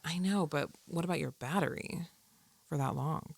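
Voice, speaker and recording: A woman's voice: sits low, normal speed, vocal fry, husky, dry recording, studio quality. A woman co-hosting a podcast in casual chat, laid-back and asking curious questions. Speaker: podcast co-host.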